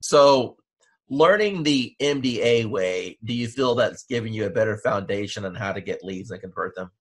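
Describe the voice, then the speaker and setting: Male host-interviewer, husky voice, keeps steering with prompting questions. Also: fairly low pitch, expressive, moderate pace. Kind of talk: testimonial interview.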